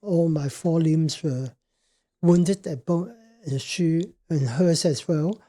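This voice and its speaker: Older guy guest telling a story, slow and halting, warm dark tone. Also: fairly high pitch. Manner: halting, searching for words. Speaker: podcast guest. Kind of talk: personal storytelling.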